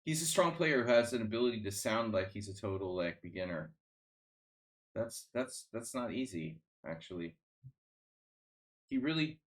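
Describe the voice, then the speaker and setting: A man with a somewhat low voice talks casually to his stream viewers while he plays chess. His talk rambles, with a sardonic edge and plenty of restarts and fillers. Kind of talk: casual live-stream chat.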